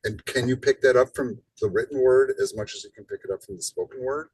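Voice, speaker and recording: A man's voice: mid-range voice, fast, breathy edge, recorded from a distance, poor audio. A man teaching a live college class in a casual lecture style, tagging points with "right?" and playing up his emphasis. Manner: casual, rhetorical "right?" tags, animated emphasis. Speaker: college instructor.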